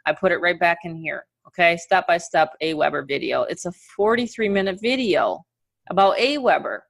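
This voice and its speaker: Middle-aged New York woman, upbeat webinar coach on a call, lowish voice. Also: creaky. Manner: energetic and upbeat, talks in quick bursts. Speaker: online marketing coach. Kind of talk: live webinar presentation.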